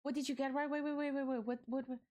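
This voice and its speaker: A young woman streamer talks fast in a high-pitched, darkish voice with a level tone. Chatting casually with her viewers, she's giggly and bubbly and swears freely.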